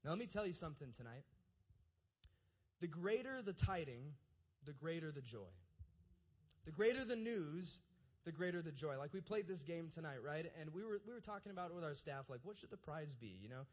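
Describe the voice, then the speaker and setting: This is a young man with a slightly high voice who gives a relaxed, chatty sermon as a youth pastor. He reads scripture aloud, then talks it through in plain, everyday words. He keeps tossing quick "right?" questions to his listeners. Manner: conversational, keeps asking "right?" to the audience. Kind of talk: casual sermon with scripture reading.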